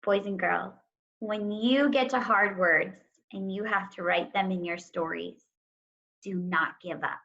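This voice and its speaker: Woman, teacher, lesson for young children, slow and deliberate, stretches out word sounds, muffled lo-fi audio. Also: mid-range voice, fairly even intonation, gravelly, sharp tone.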